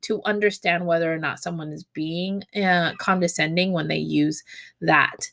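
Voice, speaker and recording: A woman's voice: normal speed, vocal fry, no room sound. A woman teaching a Japanese grammar lesson in English, explaining patterns and acting out sample phrases. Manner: explanatory, acts out sample Japanese phrases with lively pitch swings.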